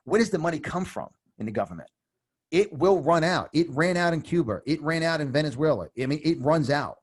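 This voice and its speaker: This podcast guest, a man in his fifties from New York with the accent to match, has a mid-range voice with a breathy edge. His political talk is heated and forceful, and he repeats phrases often.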